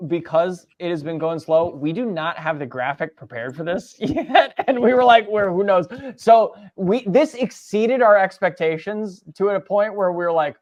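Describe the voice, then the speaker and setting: A woman's voice: fairly low pitch, normal speed, hardly any pauses, a little mellow, no echo, highs cut off. A woman co-hosting a livestream, talking in an emphatic, playful way and leaning hard on her words. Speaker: co-host. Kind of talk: casual livestream chat.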